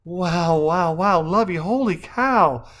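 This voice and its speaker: A man's voice: high-pitched, slow, fairly bright tone, voice pushed up. A man reading a novel aloud, voicing a worried, tender wife in a raised, anxious voice. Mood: relieved.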